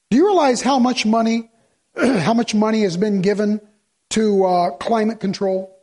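High-voiced preacher man. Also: moderate pace, a little mellow. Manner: preaching with rhetorical questions and sarcasm. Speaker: pastor. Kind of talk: sermon. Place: church.

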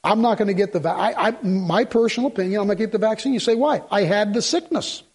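A man's voice: high voice, fast, breathy edge. A man preaching a sermon to a congregation in a folksy, rambling way with joking asides. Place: church in front of a congregation.

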